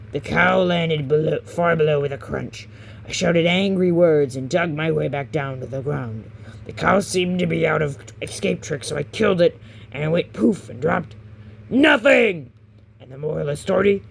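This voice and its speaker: A reader putting on a gruff, gravelly pirate-like fisherman who tells a tale with stumbles and self-corrections. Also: mid-range voice, normal speed, slight background noise, rough recording. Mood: grumbling.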